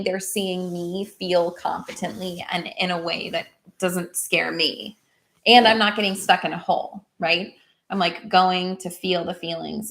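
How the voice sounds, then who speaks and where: A woman hosting a livestream, telling a personal story in a chatty, animated way and reading out chat comments. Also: lowish voice, creaky. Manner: chatty and animated, quotes others in lively voices, laughs readily. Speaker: host of an emotional healing livestream. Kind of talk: casual storytelling and coaching on a livestream.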